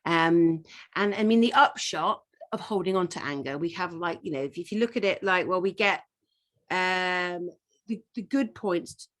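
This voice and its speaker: A woman's voice: on the low side, moderate pace, a bit bright. A woman, leading an informal masterclass as a life coach, talking in an earnest, rambling way with many fillers, restarts and the odd swear word.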